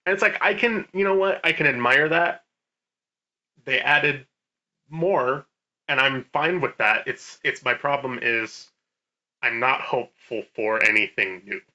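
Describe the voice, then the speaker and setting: A man's voice: mid-range voice, a little slow, bright, forceful tone, dull audio. A man co-hosting a podcast, talking emphatically about games, swearing casually and restarting words. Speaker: podcast co-host. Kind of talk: casual gaming chat.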